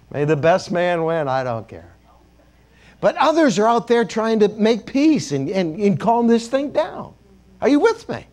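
A man's voice: high voice, very animated, a little slow, long pauses, a little mellow. A man preaching a sermon as a bishop in a church, joking and calling on the congregation to repeat words after him.

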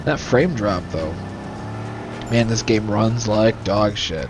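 A man's voice: mid-range voice, big pitch swings, a little slow, slight background noise. A young man hosting casual gameplay commentary, sarcastic and full of swearing and jokes into a desk microphone. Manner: profane, sarcastic, joking. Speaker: let's play host.

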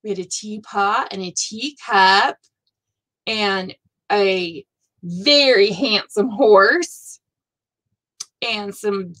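A woman's voice: mid-range voice, drawn-out words, pauses often, a bit bright, poor audio. Gushing woman hosting a live stream. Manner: gushing, exclaims often, thinks aloud. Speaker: host of a live stitching show. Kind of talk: casual live-stream chat.

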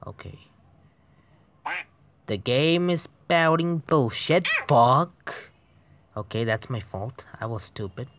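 With slight background noise in the clip, a man gives gaming commentary on a phone game, cursing nonstop out of frustration. His voice is medium-pitched and expressive, slow with long pauses, shifting from muttered whispers to sudden yelps.

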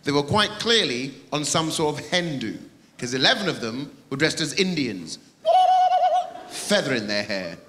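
A man doing live stand-up comedy, teasing the audience and bursting into shouts. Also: on the high side, big pitch swings, moderate pace, slight background noise. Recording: live theatre recording, long reverb, loud crowd.

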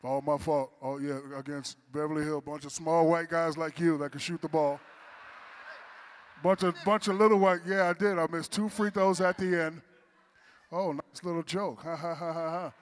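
A man's voice: a little high, fairly even intonation, normal speed. Man in his 40s, teasing storyteller, banquet acceptance speech, faint hall noise. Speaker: honoree giving acceptance speech. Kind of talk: joking speech at an awards dinner.

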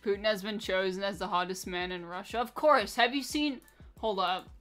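A woman streaming live, talking loosely to her chat at a middle pitch. She is crude and teasing, with a lot of "like" and swearing. Soft music plays faintly underneath. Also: normal speed. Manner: profane, blunt and teasing, with a lot of filler "like". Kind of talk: casual live-stream chat, reacting to viewer messages.

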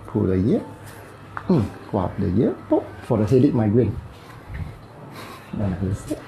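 A man's voice: fairly low pitch, huge pitch swings, moderate pace, warm tone, slight background noise, poor audio. A man with a Malaysian English accent who talks a patient through a hands-on bone-setting treatment, in clipped, simple phrasing and with playful sound effects as he works. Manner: playful, makes sound effects while working.

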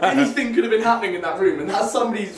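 A young man bantering and joking on a cheap trip, quick to laugh. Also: high voice, reverberant. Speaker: YouTuber on a budget trip. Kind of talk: casual banter. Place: outdoors and in a small hotel room. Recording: noisy handheld vlog audio. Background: loud street and traffic noise.

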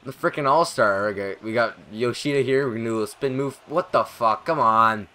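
A young man giving live commentary over a video game, excitable and rambling, swearing often and talking to himself. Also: mid-range voice, brisk. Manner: excitable, swears a lot, rambling self-talk. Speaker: gaming commentator.

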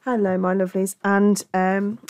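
A woman's voice: mid-range voice, level tone, moderate pace, a little mellow, no room sound, studio quality. A woman with a Black Country accent from England, teaching crochet in a chatty, affectionate way and often correcting herself. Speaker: crochet tutor. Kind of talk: crochet tutorial.

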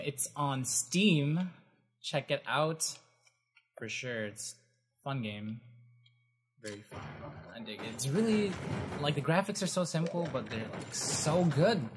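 A man giving casual, rambling commentary over his gameplay, with frequent excited exclamations. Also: mid-range voice, slightly rough. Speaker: gaming channel host.

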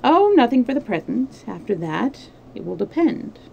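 A woman voicing a cold, sarcastic French male agent in a storybook reading, speaking quietly and placidly. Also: fairly high pitch, very animated, moderate pace, creaky, lo-fi sound, a little hiss or hum, voice pushed up, full character voice.

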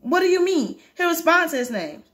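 A woman voicing an eager young female researcher who asks bright, rising questions. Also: very high-pitched, very animated, brisk, voice pushed up, heavily acted.

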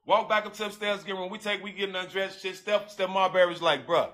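His voice is high and a little bright, with barely any rise or fall in pitch. He tells a personal story in casual, profane street slang, speaking directly to his listeners. As his emotion builds he repeats himself, breaking into halting repeats.

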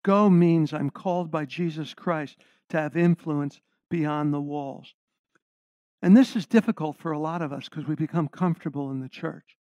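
A man's voice: fairly high pitch, moderate pace, darkish tone, no echo, lo-fi sound. An older man, a guest preacher, giving an earnest sermon and putting questions to the congregation.

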